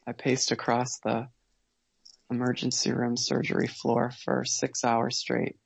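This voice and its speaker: A man shares his story as an interview guest, his voice gravelly with a bit of fry. He talks in an earnest, measured way, pausing and rephrasing as he reflects. The sound is dry and a little dull, like a modest lo-fi recording. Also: mid-range voice, completely flat delivery, dry recording. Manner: earnest, measured, with pauses and restarts. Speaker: guest, father.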